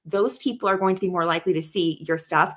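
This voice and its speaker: A woman's voice: on the low side, fast, fairly bright tone. A woman co-hosting a podcast in casual chat, earnest and chatty, often acting out quotes from other people. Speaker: podcast co-host.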